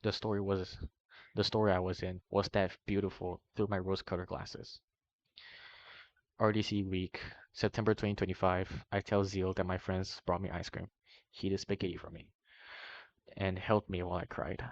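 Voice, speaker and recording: A man reading a long document aloud in a steady way, now and then stumbling and correcting himself, in a dull, slightly muffled recording. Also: low voice, moderate pace, no echo. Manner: steady reading with small slips and self-corrections. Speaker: reader of a document. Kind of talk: long read-aloud narration.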